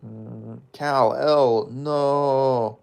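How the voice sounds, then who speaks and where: A man chats offhand on a livestream, reading out comments and riffing on them. His voice sits at an ordinary middle pitch, and his loose, meandering talk is peppered with profanity. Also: fairly even intonation, drawn-out words, creaky. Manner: rambling, frequent profanity, offhand. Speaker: streamer. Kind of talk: casual livestream chat, reading comments aloud.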